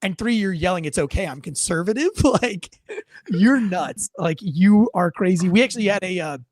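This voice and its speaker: A man with a fairly high voice chats casually on a livestream, rambling through stories and swearing freely as he acts out other people's lines. The sound is dry and close, with no room around it. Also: moderate pace, a little mellow, no echo. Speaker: host, former police officer.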